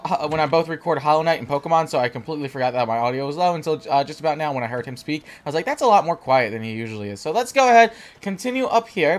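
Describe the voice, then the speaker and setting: Fast-talking high-voiced young gamer guy. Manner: rambling, chatty, talks back to game characters. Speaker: gaming channel host. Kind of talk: let's play commentary. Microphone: desk microphone with facecam.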